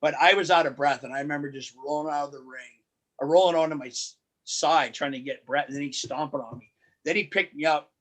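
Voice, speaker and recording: A man guest on a podcast, telling road stories in a lively, animated way, often restarting his sentences. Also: fairly high pitch, fast talker. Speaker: wrestling promoter and guest. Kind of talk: casual podcast storytelling.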